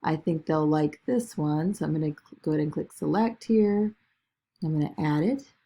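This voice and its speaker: A woman with a deep, slightly gravelly voice talks casually through a screen-recorded tutorial. She narrates each click as she goes, peppering it with "okay" and "all right." It sounds like a desk mic at a computer. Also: moderate pace, mellow. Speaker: business video tutor.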